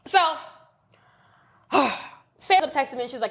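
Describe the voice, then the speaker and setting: A woman's voice: high voice, expressive, measured pace, pauses often, a bit bright. A woman in her late twenties telling a heated story on a podcast, blunt and profane, quoting others as she goes. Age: late 20s. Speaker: podcast co-host. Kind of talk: casual storytelling chat. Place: podcast studio.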